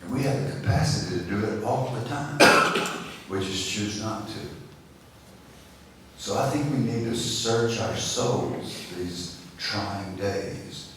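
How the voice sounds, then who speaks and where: A man's voice: lowish voice, slow pace. Older man telling folksy stories in a roomy hall. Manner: folksy, acts out dialogue in stories. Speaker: guest speaker. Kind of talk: storytelling speech at a breakfast. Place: chapel hall. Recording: echoey room from far off with faint noise.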